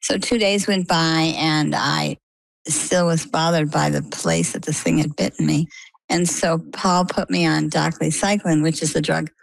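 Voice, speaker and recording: Low, gravelly-voiced woman telling her story. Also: a little slow, dry recording, poor audio. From Maine. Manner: animated storytelling, acts out quoted dialogue. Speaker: interview guest. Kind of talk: personal story in an interview.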